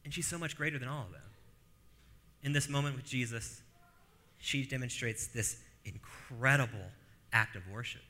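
A man's voice: medium pitch, moderate pace, pauses often, pushed and bright, in a large hall. A man preaching a sermon, emphatic and rhetorical, repeating phrases for stress.

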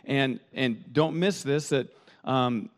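A man's voice: medium pitch, takes it slowly. A man pastor preaching a sermon, telling stories animatedly and often repeating words as he thinks. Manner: animated storytelling with quoted voices.

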